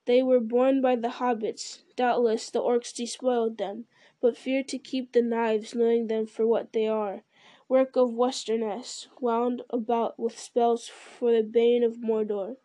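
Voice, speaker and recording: A woman's voice: on the high side, little pitch movement, measured pace, warm tone, dry recording, natural voice. A woman voicing a grave, burdened male ranger and leader, speaking in a solemn, weary way. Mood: resolute.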